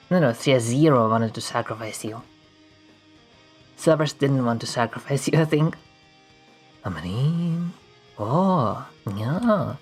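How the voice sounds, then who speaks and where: Playful woman streamer, very deep voice, slow unhurried chat while drawing, desk mic. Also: slightly rough. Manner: playful and goofy, breaks into laughs and silly voices.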